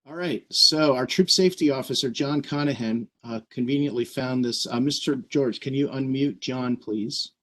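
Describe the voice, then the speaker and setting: An earnest man presents to his troop over a video call. He explains each step plainly and keeps checking in with a quick "right?". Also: mid-range voice, a bit bright. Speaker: scout troop leader. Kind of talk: virtual meeting presentation.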